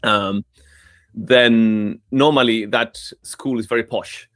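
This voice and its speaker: A man from Chile hosting an interview, speaking in an earnest, halting way full of fillers. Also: fairly low pitch, steady tone, a bit bright, no room sound, studio quality. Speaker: host. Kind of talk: conversational interview.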